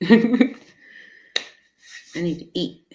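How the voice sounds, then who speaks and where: A woman's voice: a little high, a little mellow. A woman giving a casual live tarot reading, chatty and laughing often, with many fillers. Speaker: tarot reader.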